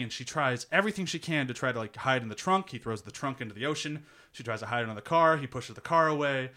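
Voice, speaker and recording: A man with a bright, forward voice gives a casual spoken pitch of a film. He is laid-back and laughs easily, swears freely and leans on "like" as a filler. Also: fairly quick. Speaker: panelist pitching a movie.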